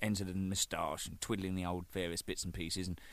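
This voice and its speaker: A man telling a band story in a casual, animated way, swearing and laughing as he goes. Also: deep voice, fairly quick, no room sound. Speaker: musician recounting band stories.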